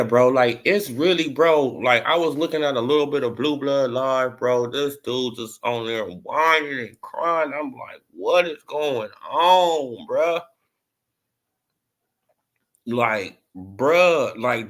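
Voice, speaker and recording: A man giving a casual boxing opinion rant, full of slang and fillers like "bro" and "you know". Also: medium pitch. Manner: rising to animated mocking in the back half. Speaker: boxing commentary vlogger.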